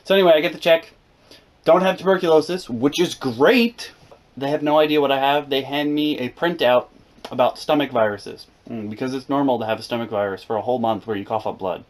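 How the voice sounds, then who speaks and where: A young man with an American accent tells a funny storytime in a mid-pitched voice. He is animated and sarcastic, punching some lines loudly and mumbling others under his breath. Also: a little fast. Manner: animated, sarcastic, swings between loud and mumbled. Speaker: YouTuber telling a story. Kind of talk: comedic storytime.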